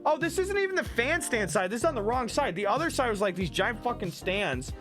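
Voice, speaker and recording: A man hosting a livestream in casual chat, telling stories in an excitable, profane way. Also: very high-pitched, fairly quick. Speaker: livestream host. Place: home streaming room. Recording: music playing behind.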